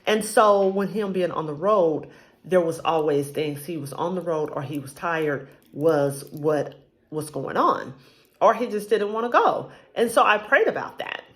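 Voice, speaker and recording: A married adult woman with a child vlogs about her faith journey in a lowish, expressive voice, taking her time. Her personal testimony comes out casual and rambling, full of ums.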